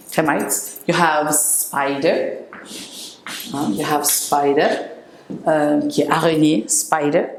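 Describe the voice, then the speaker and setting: A woman's voice: sits low, reverberant. A woman from Senegal with a Senegalese French accent, teaching English vocabulary and repeating words for pronunciation, switching between English and French. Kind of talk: classroom vocabulary lesson.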